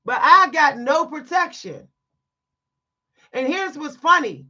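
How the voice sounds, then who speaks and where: A woman's voice: high voice, big pitch swings, slow pace, bright, forceful tone, muffled recording. A woman telling a story to her viewers in a blunt, emphatic, preachy way, stressing her words. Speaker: vlogger. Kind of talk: candid storytime monologue to viewers.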